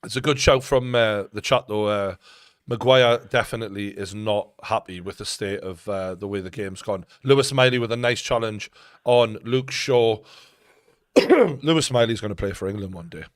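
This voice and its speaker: A man with a Geordie accent co-hosting a live football watchalong, chatty and opinionated, shouting at the big moments. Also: on the low side, moderate pace, clean tone, dry recording, studio quality. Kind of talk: casual live match commentary.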